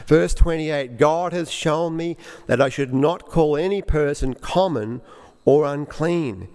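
A man preaching a sermon, explaining scripture in a halting way and often repeating words. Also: a little high, darkish tone, long reverb tail.

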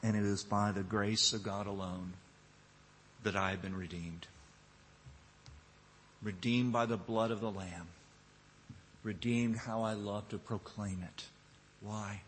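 A man's voice: fairly low pitch, steady tone, takes it slowly, pauses often, a little hiss or hum. A man preaching a sermon to his congregation and closing in prayer, speaking earnestly and building up emphasis. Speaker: pastor. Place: church. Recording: long reverb of a church hall.

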